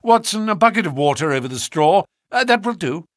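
A man voicing a calm, precise adult male detective with a faintly pompous manner. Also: high voice, brisk, dry recording, clean studio sound, voice pushed up.

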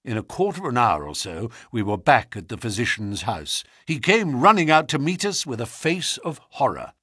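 A man narrating a classic novel audiobook in a measured storytelling manner. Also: slightly rough, dry recording, studio quality. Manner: measured storytelling with expressive pitch.

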